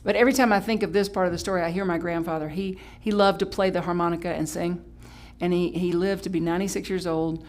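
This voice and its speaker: A woman pastor preaching a Sunday sermon in a chatty, playful way, breaking into sudden high exclamations and correcting herself as she goes. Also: steady tone, fast talker, hardly any pauses, darkish tone. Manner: chatty, with restarts and self-correction. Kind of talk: live-streamed Sunday sermon.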